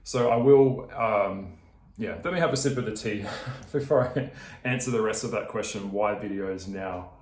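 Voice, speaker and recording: A man's voice: lowish voice, normal speed, roomy sound. A man with an Australian accent talking straight to his viewers in a casual, swearing rant. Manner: swearing, ranting, laughing, addresses viewers directly. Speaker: video creator. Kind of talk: casual vlog chat.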